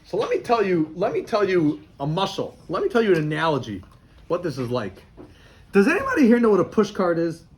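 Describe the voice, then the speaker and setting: A man's voice: sits high, huge pitch swings, fairly quick. A man, a rabbi, teaching a class of boys and telling them a story, often repeating himself.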